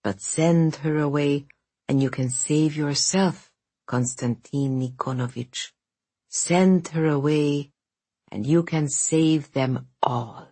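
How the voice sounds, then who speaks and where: Unseen manipulative spirit, mild and coaxing, read by a woman, low and husky. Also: slow, warm tone, no echo, exaggerated voice. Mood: insistent.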